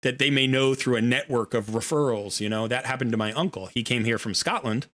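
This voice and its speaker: A middle-aged American man chatting casually on a live game stream. His voice is bright and forward, sitting at an ordinary pitch. He rambles, restarts sentences and leans on fillers as he goes. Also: fairly quick. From United States. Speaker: streamer and host. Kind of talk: casual chat while gaming.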